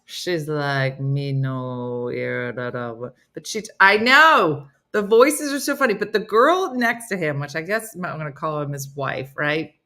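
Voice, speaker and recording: Animated woman host telling funny stories. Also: unhurried, few pauses. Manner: animated storytelling, mimics voices in low growls. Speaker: morning show host. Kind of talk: comedic casual chat.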